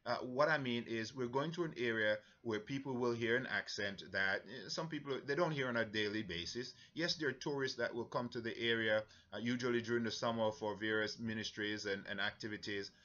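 Jamaican guy briefing church folks on a trip, earnest, lots of uh's, bright voice, kinda dull recording. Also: mid-range voice. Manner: earnest, halting with many fillers. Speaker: mission trip leader.

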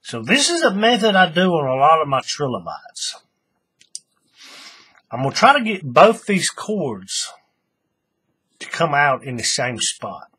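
A man's voice: on the high side, big pitch swings, measured pace, pauses often, sharp tone, husky. A man hosting a casual craft tutorial, thinking aloud as he works and often restarting his sentences. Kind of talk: casual how-to demonstration.

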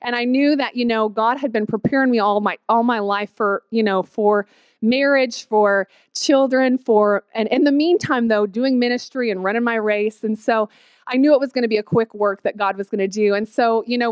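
Woman, 30s, lively testimony storyteller, higher voice, dry close sound. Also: fairly quick, clear, resonant tone, no room sound. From Oklahoma, USA. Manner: animated storytelling, quotes herself with squeals and laughs. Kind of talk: personal testimony.

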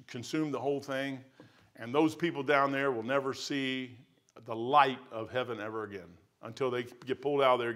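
Fervent pastor, bright forceful voice. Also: male voice, a little high. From United States. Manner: swings from quiet musing to loud fervent testimony. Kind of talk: sermon. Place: church sanctuary.

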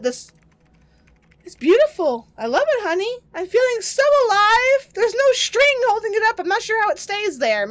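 A woman's voice: very high-pitched, a bit bright, voice pushed up, full character voice. A woman voicing a cursed wife who gushes in a dreamy, sing-song way in a video game. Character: cursed, cheerfully possessed wife.

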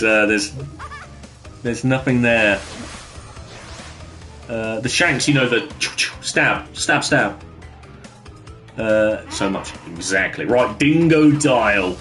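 A man's voice: mid-range voice, sharp tone. A man chatting casually with his viewers while streaming a game from his bedroom, laughing often and bantering with the chat.

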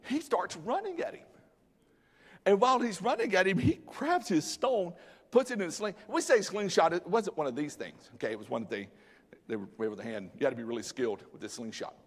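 A male pastor preaches with dramatic flair and casual, joking slang. His voice sits a bit high and leaps up and down as he builds the story. The sound rings out through a large sanctuary with a long tail of echo. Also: animated, fairly quick, slightly rough. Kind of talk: sermon. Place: church sanctuary. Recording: long church hall reverb.

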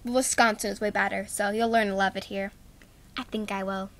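A woman's voice: level tone, brisk, a bit bright, a little hiss or hum. A young girl voicing several dolls in a homemade school skit, swapping between characters. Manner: voices several girls in a school skit, switching pitch. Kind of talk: doll play with homemade voices.

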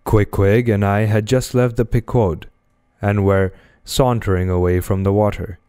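A man reading a novel aloud as an audiobook narrator, in a measured, expressive way. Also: fairly low pitch, clear, resonant tone, dry recording, studio quality. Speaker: audiobook reader.

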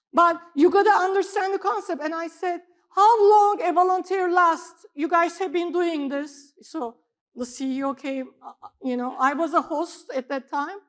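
A middle-aged woman pastor with a high-pitched voice preaches a sermon as animated storytelling, swinging between loud emphasis and quiet asides.

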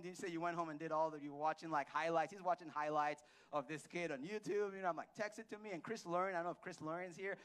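A man with a notably high voice delivers a conversational sermon in a church. He tells stories with acted-out dialogue and quizzes the congregation. His delivery is lively and informal. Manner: animated, storytelling with acted-out dialogue and audience questions. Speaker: pastor. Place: church hall.

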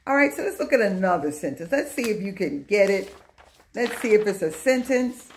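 A woman's voice: medium pitch, expressive, normal speed, a little mellow, a little hiss or hum. A middle-aged woman teaching young children a lesson in a patient, sing-song way.

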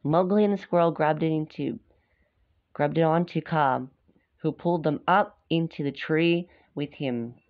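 A woman with a low-pitched voice reads a storybook aloud a little slowly, casually stopping to chat and comment on the pictures. The recording is dull, dry and lo-fi, with no room sound.

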